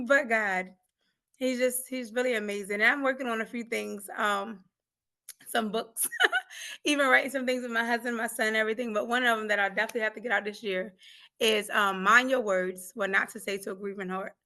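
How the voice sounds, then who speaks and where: Woman guest, grief coach, fervent faith testimony, bright forceful tone, repeats lines for emphasis. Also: a little high, fairly even intonation, a little fast. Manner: fervent and preachy, laughs often, repeats phrases for emphasis.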